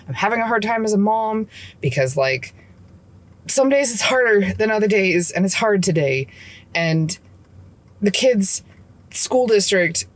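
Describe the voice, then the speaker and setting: A woman and mom venting her frustrations in a casual vlog from her car, swearing often, recorded on her phone. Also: mid-range voice. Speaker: vlogger and mom. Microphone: phone camera.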